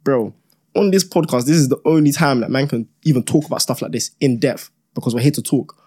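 A man's voice: mid-range voice, brisk, husky. A young man, arguing animatedly as a podcast co-host and talking over the others. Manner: animated, repeats "broski" and "bro", talks over others. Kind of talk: heated casual debate.

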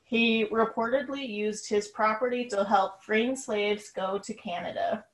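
A woman co-hosting a casual podcast, reading her research notes on a haunted house in a soft, chuckling way. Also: mid-range voice, fairly even intonation, measured pace. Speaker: podcast co-host. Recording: echoey room.

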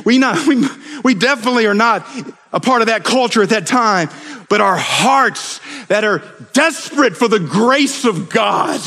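A man with a high voice preaches with fervor, sliding from soft, hushed lines to loud cries. His voice rings out with a long reverb from a large hall. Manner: impassioned, swings between hushed and shouted. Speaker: pastor. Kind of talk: sermon.

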